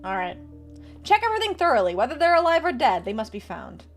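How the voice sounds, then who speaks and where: A woman voicing a stern male militia officer in a video game, speaking in a measured way. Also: fairly high pitch, very animated, faint music behind.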